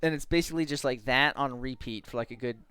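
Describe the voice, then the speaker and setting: A man streamer telling a story in casual chat, jumping into high, excited voices when he quotes people. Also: fast, smooth, dry recording.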